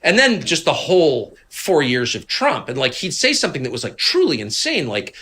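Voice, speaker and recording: A man in his fifties, a guest in a conversational interview, who tells stories with animated, mocking impressions of other people. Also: brisk, hardly any pauses. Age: 50s. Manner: animated storyteller, acts out others in high mocking voices. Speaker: interview guest, media figure.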